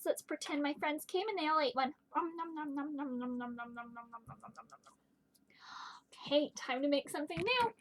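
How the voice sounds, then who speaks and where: A woman teaching a home video lesson to young children, playful and gentle, asking them questions as she works. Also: very high voice. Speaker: kindergarten teacher.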